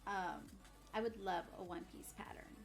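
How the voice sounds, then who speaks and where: A woman chatting casually on a crafting livestream, bubbly and quick to laugh, greeting viewers loudly and muttering to herself as she works. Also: on the low side, vocal fry, faint music behind. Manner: mutters and whispers to herself while working. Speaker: craft streamer.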